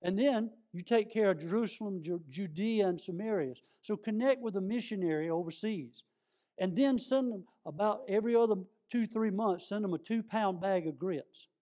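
The guest preacher's voice is high and mellow, moving at an ordinary pace. In the sanctuary, he shares a folksy, story-filled sermon aimed squarely at the congregation.

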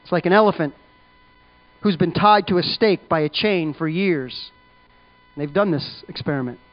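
A man's voice: fairly high pitch, normal speed. A man preaching a sermon in an emphatic, conversational way. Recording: dull lo-fi recording.

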